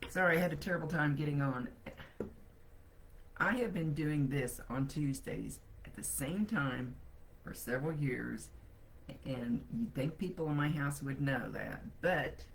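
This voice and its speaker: Gravelly, blunt woman livestreaming from home. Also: low voice, slight background noise. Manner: blunt, grumbling, swears freely. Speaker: psychic medium hosting a weekly livestream. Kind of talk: casual live-stream chat.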